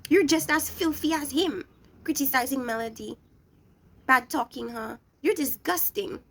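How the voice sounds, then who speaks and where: A young woman with a high voice and a gravelly edge, ranting through a reality show review. She scolds bluntly and talks straight at the people she criticizes. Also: unhurried. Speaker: reality TV recap vlogger.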